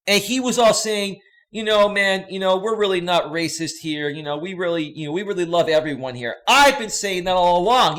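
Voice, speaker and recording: A man's voice: high voice, fairly bright tone. A man hosting a livestream, ranting in a heated, profane, repetitive way at his audience. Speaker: livestream host and coach. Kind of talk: angry livestream rant.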